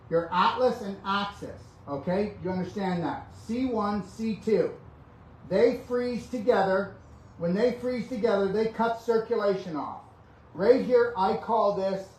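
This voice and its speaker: Guy walking you through a neck routine, kinda high voice, keeps saying okay, clapping on himself as he talks. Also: slight background noise. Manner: emphatic, frequent "okay?" check-ins; physically clapping his own neck and back while talking. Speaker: health coach demonstrating self-treatment. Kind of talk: instructional demonstration.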